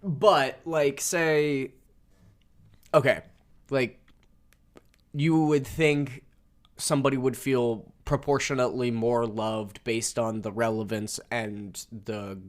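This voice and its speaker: A man co-hosting a podcast, with a voice of ordinary pitch. He laughs often, and he works through his thoughts out loud with pauses and restarts. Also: steady tone. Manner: laughs often, thinks aloud with many pauses. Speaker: podcast co-host. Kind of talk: casual chat.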